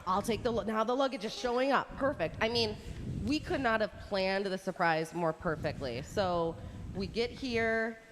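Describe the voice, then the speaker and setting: A woman from Southeast Wisconsin, a radio guest telling a story in a lively, chatty way. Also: medium pitch, long reverb tail, slight background noise, low-quality recording. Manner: lively, chatty, quick bursts. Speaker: guest caller on radio show. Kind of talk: casual storytelling. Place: resort hotel on location.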